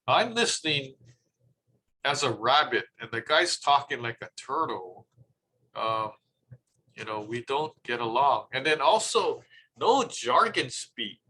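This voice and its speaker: Guy teaching public speaking, bright voice, chatty, acts out quotes, faint room hum. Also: mid-range voice, big pitch swings, unhurried, rough recording. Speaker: presenter.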